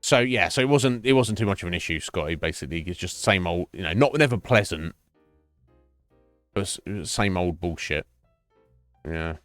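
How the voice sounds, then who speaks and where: A man's voice: sits low, animated, normal speed, long pauses, fairly bright tone, no room sound, soft background music. A middle-aged British man chatting casually to his stream, blunt and sweary, rambling with many restarts. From Britain.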